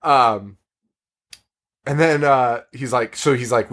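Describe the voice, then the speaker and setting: A man's voice: mid-range voice, slow, a bit bright. A man hosting a podcast, recapping a horror film in casual chat, rambling, swearing and laughing often. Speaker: podcast host.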